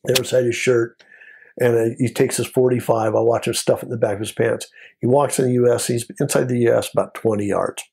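An older man, a former border patrol agent, telling a story in an interview in a lively way and acting out the voices of the people in it. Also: medium pitch, fairly quick, vocal fry, slightly rough. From United States. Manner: animated storyteller, acts out quoted voices.

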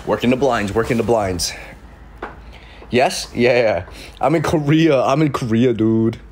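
A man's voice: medium pitch, measured pace, darkish tone, a little hiss or hum. A young man in his twenties with a cold, joking casually while reading chat on a livestream in his room. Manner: playful, jokey, reacting to comments. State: sniffly with a cold. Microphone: desk mic.

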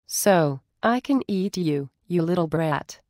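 A woman's voice: lowish voice, lively intonation, slow, darkish tone, no echo. A woman voicing a bitter, vengeful male wolf who taunts and threatens, read close to a dry home mic. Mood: snarling.

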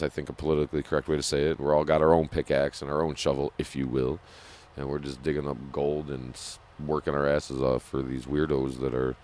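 A man's voice: extremely low pitch, a little hiss or hum. A young man co-hosting a podcast, rambling and joking in a profane, casual way. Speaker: podcast co-host. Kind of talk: casual crude banter.

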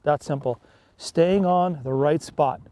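A man chatting excitedly and folksily while fishing from a small boat on a lake. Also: on the high side, slow pace. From Canada. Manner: excitable, folksy, peppers talk with "eh". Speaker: fishing vlogger. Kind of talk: casual on-the-water chat.

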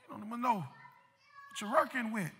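Man preaching, real high piercing voice, keeps repeating himself, echoey church. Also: lively intonation, normal speed. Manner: repeats words, builds to shouted peaks. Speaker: pastor. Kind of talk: sermon. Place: church sanctuary. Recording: long reverb of a church hall.

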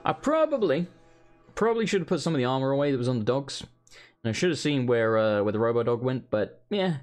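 A man rambles through casual gaming commentary, swearing freely. His speech rises and falls in a lively way over faint game music. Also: mid-range voice, fast. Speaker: gaming host. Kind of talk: casual let's play commentary.

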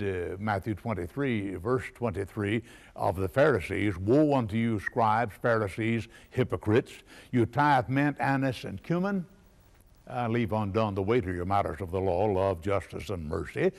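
Give me a middle-aged male preacher delivering an emphatic, animated sermon with frequent filler pauses. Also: medium pitch.

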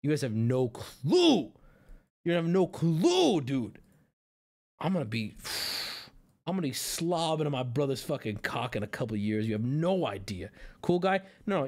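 A male streamer in his thirties talks off the cuff, his voice swinging between low mumbling and loud, panicked shouting. His pitch sits a little high and moves around a lot. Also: expressive, moderate pace. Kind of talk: casual live-stream commentary.

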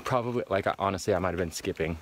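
A man vlogging casually to camera from his van and out on forest trails, excitable and rambling with casual swearing. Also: sits low, rapid-fire, slight background noise. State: out of breath while hiking. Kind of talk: casual vlog talk to camera.

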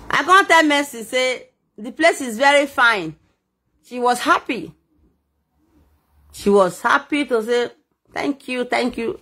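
In her casual gossip vlog, a woman with a Nigerian accent spins stories with lots of animation, exclaiming and repeating words for emphasis. Her pitch sits a little high.

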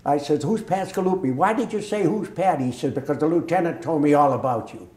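An older veteran with a slightly high voice talks at a quick pace, acting out quoted dialogue as he tells war stories in lively fashion. He's from Massachusetts, and this oral history interview takes place in an echoey room.

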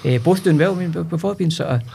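A man's voice: fairly high pitch, fast talker, gravelly, mellow, a little hiss or hum. A Scottish man in his forties, a podcast guest telling stories about his past in a chatty, self-deprecating way. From Scotland. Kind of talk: casual podcast chat.

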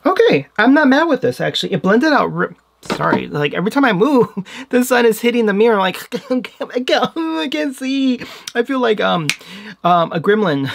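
A man's voice: fairly high pitch, vocal fry, breathy edge. A man reviewing beauty products in a casual, chatty vlog at home, joking at himself and laughing often. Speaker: beauty vlogger. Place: home with a mirror under a skylight.

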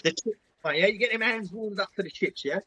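A man's voice: sits high, quick pace, pushed and bright, slightly rough, dry recording, exaggerated voice, low-quality recording. A man playing a big, earnest, clueless self-styled diet guru in a comedy sketch, instructor patter full of "yeah?" and "right?". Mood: instructive.

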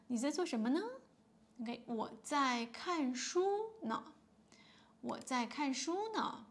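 A woman teacher with a Chinese accent speaks slowly in a slightly high voice with a gravelly edge. She explains patiently, repeats each word and keeps saying "yeah" and "okay" between phrases. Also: slight background noise. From China. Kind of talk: explaining a beginner lesson.

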